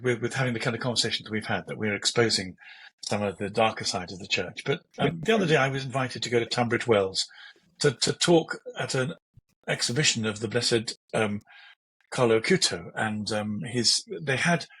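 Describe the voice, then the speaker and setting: An older man with a very raspy, husky voice co-hosts a discussion show. He tells a story eagerly and restarts his sentences along the way. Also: medium pitch, normal speed, low-quality recording. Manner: enthusiastic, animated storytelling with restarts. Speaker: podcast co-host. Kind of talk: casual discussion.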